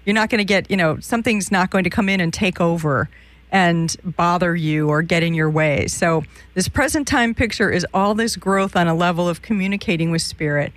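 A woman's voice: on the low side, brisk, dry recording. A woman hosting a live call-in radio show, giving psychic readings in a chatty, meandering way with many restarts.

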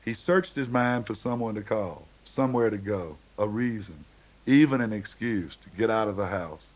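A man's voice: fairly low pitch, lively intonation, moderate pace, low-quality recording. A man reading a novel aloud as narrator, shading the dialogue lightly for each character. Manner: reads dialogue with small shifts for each character. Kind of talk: audiobook narration.

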